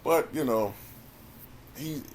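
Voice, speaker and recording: A man's voice: medium pitch, slow, a little hiss or hum. A man giving a casual spoken review as a commentator, conversational and repeating words as he thinks. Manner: conversational, repeats words when thinking, frequent "you know what I'm saying". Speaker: YouTube commentator reviewing a stand-up special.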